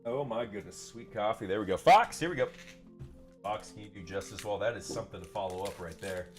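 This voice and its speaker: A man's voice: on the low side, steady tone, quick pace, soft background music. A young man hosting a live pack-opening stream, upbeat and chatty, greeting viewers by name and repeating phrases. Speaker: live card-breaking seller.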